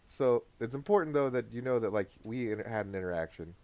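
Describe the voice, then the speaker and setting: A man's voice: medium pitch, expressive, quick pace, a little mellow. A man in his thirties co-hosting a podcast, rambling through a story with lots of filler words and swearing. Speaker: podcast co-host. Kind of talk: casual podcast chat.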